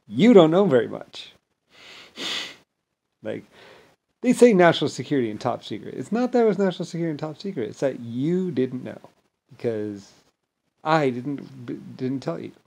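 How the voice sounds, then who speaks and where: Man, gravelly mid-pitched voice, rambling boastful monologue, mumbles low then bursts out loud. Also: very animated, a little fast. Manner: grandiose, rambling, mocks others with blah-blah voices. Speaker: vlogger.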